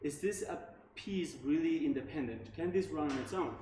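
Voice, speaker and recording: A man with a slightly high voice gives a relaxed tech talk at a meetup, leaning on filler words and asking the room "right?" often. The sound is echoey, as if recorded in a room, with faint noise underneath. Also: moderate pace. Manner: casual, filler-heavy, frequent "like" and "right?". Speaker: meetup speaker.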